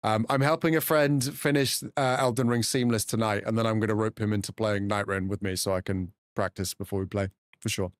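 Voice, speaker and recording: A man's voice: on the low side, fairly even intonation, brisk, hardly any pauses, no room sound, studio quality. A man in casual, teasing chat with his live viewers as a game streamer, swearing freely.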